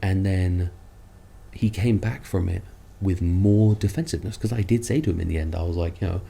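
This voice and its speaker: Man, ranting vlogger, mellow dark tone, sarcastic, rambling, self-mocking. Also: low voice, moderate pace, gravelly, breathy edge. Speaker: content creator. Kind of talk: ranting commentary vlog.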